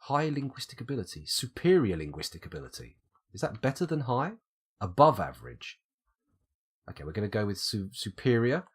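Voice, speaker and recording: Husky British streamer with a cold. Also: male voice, fairly low pitch, sing-song, fairly quick. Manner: thinking aloud, musing over options. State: has a cold, coughing. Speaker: live streamer. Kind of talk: live gameplay commentary.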